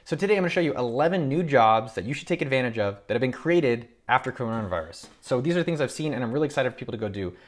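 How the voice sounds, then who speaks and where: A man's voice: medium pitch, expressive, very fast, hardly any pauses. A man in his thirties, an entrepreneur hosting a casual talk to camera from his home office, running through a list of ideas with upbeat enthusiasm. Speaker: entrepreneur and YouTube host.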